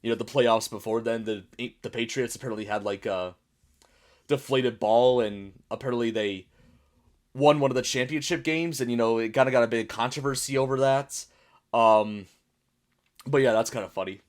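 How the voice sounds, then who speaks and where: Speaking at normal speed with a medium-pitched voice, a man from the United States hosts a casual reaction video on YouTube. He laughs a lot while meandering through chatty explanations.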